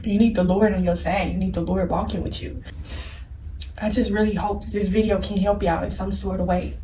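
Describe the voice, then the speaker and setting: A woman's voice: mid-range voice, fairly even intonation, fairly quick, mellow, slight background noise. A tearful woman giving blunt spiritual advice straight to her viewers, speaking in with a preachy, repetitive manner. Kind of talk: emotional direct-to-camera advice. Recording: roomy, distant from the mic.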